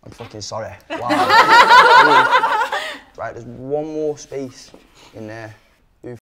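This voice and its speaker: A man's voice: fairly high pitch, huge pitch swings, slow, heavy background noise. A man with a Manchester accent hosting a dating show, blunt, teasing and sweary in casual banter. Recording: chattering crowd behind.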